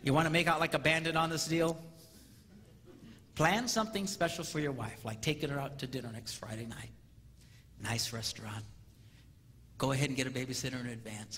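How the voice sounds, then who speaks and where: A man giving a comedic marriage seminar to a live audience, acting out spouses' reactions in an animated, joking way. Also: mid-range voice, brisk, long pauses. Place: large hall with live audience. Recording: reverberant hall with audience noise.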